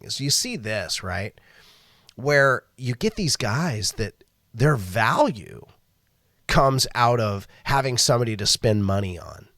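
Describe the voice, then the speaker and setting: A man hosting a podcast, telling a story in a casual, animated way, laughing and acting out what people said. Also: medium pitch, dry recording, studio quality. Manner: animated, laughing, acts out quoted lines. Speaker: podcast host.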